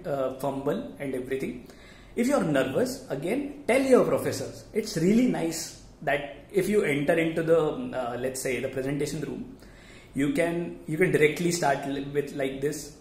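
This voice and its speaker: A man explains presentation skills in a casual, earnest lesson. His voice sits a little high, and he often restarts a sentence or says a phrase twice. The room around him is noticeably echoey. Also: animated, normal speed, a little mellow. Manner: earnest, repeats himself, many restarts. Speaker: teacher giving presentation tips. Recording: roomy echo.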